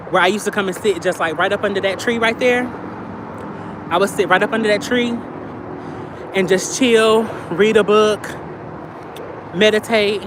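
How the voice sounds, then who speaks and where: A trans woman who lives in her car, chatting in slangy storytelling on a phone livestream while she walks outdoors in a field near a highway. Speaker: vlogger living in a car. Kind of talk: casual livestream chat. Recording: loud outdoor traffic noise. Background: highway traffic.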